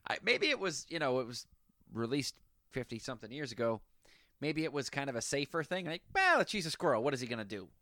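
Bright-voiced man chatting about a movie. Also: medium pitch, big pitch swings, brisk, no room sound, studio quality. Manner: amused, laughs and mimics characters. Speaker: podcast co-host. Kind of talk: casual film discussion.

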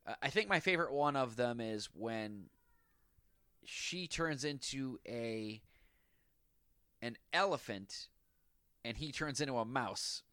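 A man's voice: medium pitch, animated, slow pace, pauses often, bright, forceful tone, smooth, no echo, clean studio sound. A man in casual conversation about a film, agreeably retelling its scenes step by step.

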